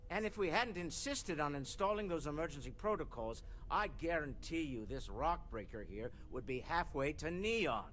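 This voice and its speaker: A sarcastic, exasperated crew member. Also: male voice, fairly high pitch, lively intonation, normal speed, hardly any pauses, a bit bright.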